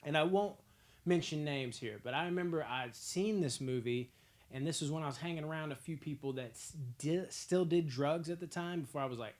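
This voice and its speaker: A young man hosting a movie podcast, ranking films in a casual, profane, excitable way. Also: a little high, fairly quick. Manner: profane, excitable storytelling with frequent laughs.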